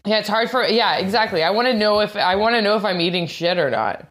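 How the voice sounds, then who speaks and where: A young adult Canadian comedian appears as a podcast guest, speaking fast in a mid-range, fairly bright voice. She chats casually and rambles, filling her speech with "like" and laughing often.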